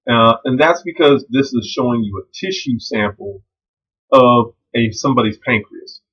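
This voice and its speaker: A male biology instructor teaching in a relaxed, jokey way, with slang and frequent ums. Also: mid-range voice, moderate pace, husky. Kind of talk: casual recorded lecture. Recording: dull lo-fi recording.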